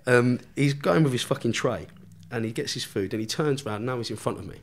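A man with a mid-range voice tells a wild story in casual chat, swearing with nearly every breath and laughing at his own tale. His telling is loose and animated, full of restarts. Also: mid-range voice, brisk. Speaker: podcast guest.

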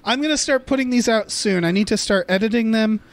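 A man's voice: sits high, a little fast. A man co-hosting a podcast in casual chat, joking and rambling, trailing off mid-sentence. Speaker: podcast co-host.

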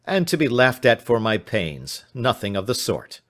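A man voicing an obstinate, scornful older man who brushes off a threat with loud, blustering protests. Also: mid-range voice, very animated, moderate pace. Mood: stubborn.

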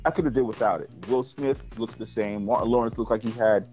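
A man's voice: medium pitch, fast talker, lo-fi sound, faint music behind. A man, co-hosting a podcast in casual chat, blunt and opinionated. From New York. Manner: blunt, opinionated, animated ranting. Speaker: podcast co-host.

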